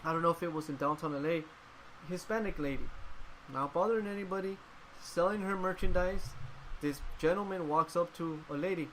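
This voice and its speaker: A man's voice: fairly high pitch, moderate pace, fairly bright tone, slight background noise, low-quality recording. Profane, heated man ranting on a podcast. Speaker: podcast host. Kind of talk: casual chat.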